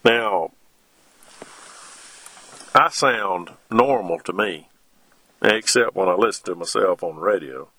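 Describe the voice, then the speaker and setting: A middle-aged man, preaching a sermon in a slow, folksy way with homespun asides between scripture readings. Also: low voice, lively intonation, sharp tone.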